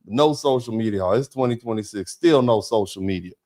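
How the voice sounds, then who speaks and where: A man hosting a live online show, thanking viewers by name and reading their chat comments. He talks in a conversational, emphatic way, often asking "you see what I'm saying", with halting restarts and drawn-out fillers. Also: on the low side, a little mellow. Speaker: host of a live show, a lawyer.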